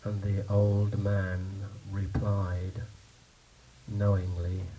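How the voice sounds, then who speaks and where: A man telling a comic story to a live audience in a slow, deliberate way with pauses. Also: sits low, monotone, warm tone, slight background noise, poor audio.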